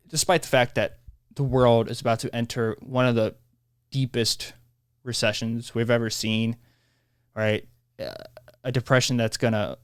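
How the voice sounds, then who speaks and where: A man hosting his own podcast, talking in a rambling, animated monologue that keeps interrupting itself. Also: medium pitch, dry recording, studio quality. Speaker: podcast host. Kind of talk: casual solo podcast monologue.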